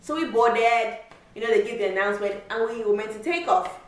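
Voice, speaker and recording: A woman vlogger telling a travel story in a casual, animated way, with lots of repeats and filler words. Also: a little high, fairly quick. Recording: echoey room, mic far off.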